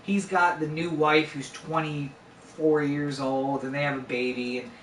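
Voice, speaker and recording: A man's voice: fairly high pitch, flat delivery, measured pace, a bit bright, a little hiss or hum. A man in his twenties casually telling a true story, full of fillers and swearing. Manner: conversational, swears freely, lots of fillers. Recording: echoey room, voice a bit far from mic.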